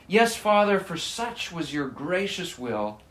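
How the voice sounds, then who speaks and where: A man's voice: high voice, very animated, slow pace, fairly bright tone. A man preaching a sermon, earnest and emphatic, reading scripture aloud and pressing his points. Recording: echoey room.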